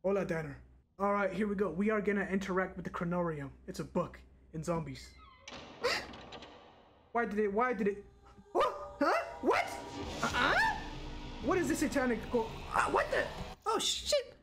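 A young man streams a zombie game with animated commentary. His pitch jumps all over as he reacts loudly, gasping at every surprise. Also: a little fast, music in the background. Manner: excitable, loud reactions, frequent gasps. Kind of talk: live gameplay commentary.

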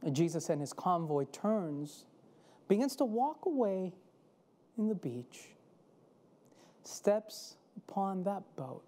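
A woman preaching a sermon in a slow, measured storytelling manner. Her tone is mellow and warm, with dramatic pauses that let each phrase land. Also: on the low side, big pitch swings.

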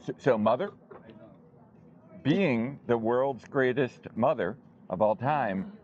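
A man teasing his mother in casual chat at a pub, slow and playful. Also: mid-range voice, darkish tone. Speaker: vlogger. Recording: dull lo-fi sound.

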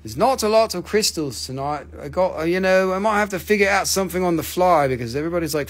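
A fairly high-pitched man hosts a live crystal sale from a small shop room. He talks fast and jokes between items. He reads out prices and code numbers as he goes. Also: animated. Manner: rapid, joking, reading out prices and codes. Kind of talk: live stream sales chat.

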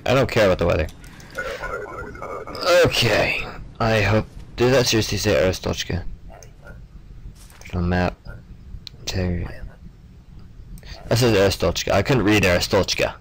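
A man's voice: low-pitched, gravelly, rough recording. A young man giving casual gameplay commentary, stumbling over names and muttering offhand asides. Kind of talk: casual let's-play commentary.

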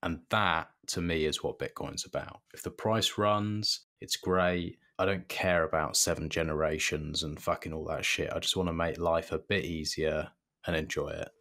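A man with a low voice hosts a podcast. He talks bluntly and with energy, swearing freely as he chats. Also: moderate pace. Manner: blunt, profane, animated. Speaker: podcast host. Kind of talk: casual podcast chat.

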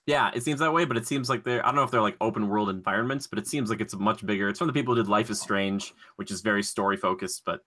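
Bright-voiced joking man podcaster. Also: on the low side. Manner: joking, quick to laugh and act out voices. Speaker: podcast co-host. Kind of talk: casual chat.

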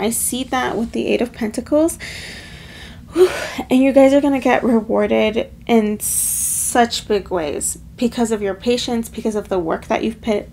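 A woman's voice: a little high, vocal fry, a little mellow, slight background noise. A woman giving a heartfelt tarot card reading, slightly choked up with emotion and calling her viewers her loves. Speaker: tarot reader.

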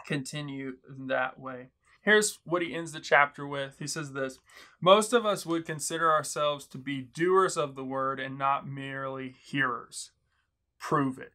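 A man's voice: medium pitch, bright, forceful tone. A young man teaching in a video, summarizing a book's advice in an earnest, encouraging way and quoting its author often. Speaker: Bible study teacher. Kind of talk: video book overview, teaching.

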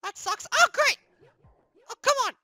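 A performer voicing a whiny, easily panicked young male plush hero in a comedic puppet gaming skit. He yelps and shouts in panic. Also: very high voice, expressive, a little slow, dry recording, heavily acted. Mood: grumbling.

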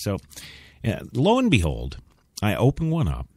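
A man's voice: lowish voice, wildly swooping pitch, normal speed, darkish tone, slightly rough. A man hosting talk radio in a studio, rambling and sarcastic between laughs. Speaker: radio host. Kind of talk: casual talk radio banter. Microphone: studio mic.

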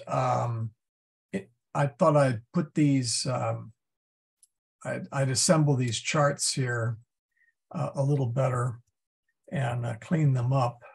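A man teaching a Latin class, explaining step by step and thinking aloud with many pauses and fillers. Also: medium pitch, gravelly, breathy edge. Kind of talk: classroom lesson.

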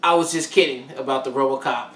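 A man's voice: medium pitch, fast talker, a bit bright. A man co-hosting a casual show that reacts to TV episodes, easygoing and agreeable. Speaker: reaction channel co-host. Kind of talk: casual chat. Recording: echoey room, mic far off.

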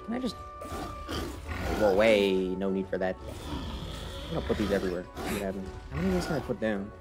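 A man's voice: lowish voice, very animated, rapid-fire. Playful male streamer over game music. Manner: playful, self-mocking, talks to game characters. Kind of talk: casual gameplay commentary. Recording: game music playing behind.

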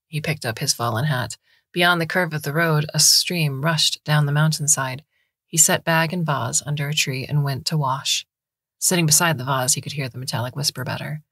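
A woman narrating a short story in a measured, scripted reading. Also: sits low, a bit bright, no echo, clean studio sound.

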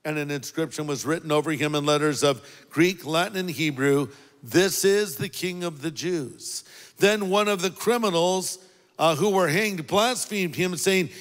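A man preaching a sermon as a pastor, earnest and deliberate, leaning on key words. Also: high-pitched, a bit bright, long reverb tail.

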